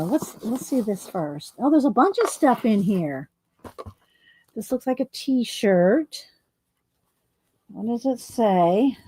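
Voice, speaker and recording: Breathless lady rambling on her livestream, slow talker, kinda high voice. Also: lively intonation, mellow, slight background noise. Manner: chatty, exclaiming, reads viewer comments aloud. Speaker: livestream host. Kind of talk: casual livestream chat.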